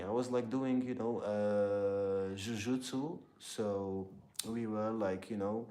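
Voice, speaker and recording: A young man from Algeria with an Algerian accent, chatting casually with live viewers and often pausing to search for his words. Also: fairly low pitch, steady tone, warm tone. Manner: halting, searching for words, heavy use of "like" and "you know". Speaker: live streamer answering chat.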